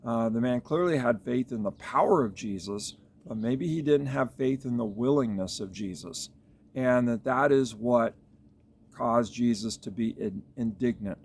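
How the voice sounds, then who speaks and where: Gravelly-voiced man giving a reflective devotional. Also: medium pitch, measured pace, darkish tone. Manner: reflective, thinking aloud with fillers and restarts. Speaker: pastor.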